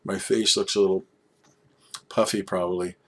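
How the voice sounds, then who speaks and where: A man's voice: low-pitched, level tone, moderate pace, fairly bright tone. Chatty sixty-one-year-old man rambling. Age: 60s. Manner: chatty, self-deprecating, trailing off and restarting. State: tired after a late night. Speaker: YouTube vlogger. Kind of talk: casual rambling vlog.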